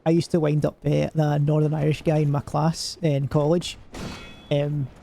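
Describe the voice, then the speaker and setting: A man's voice: a little high, little pitch movement, moderate pace, gravelly, dark tone, a little hiss or hum. A young man with a semi-Glaswegian Scottish accent, chatting casually and jokily with lots of fillers while streaming a game. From Scotland. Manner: rambling, jokey, many fillers. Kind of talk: casual chat while gaming.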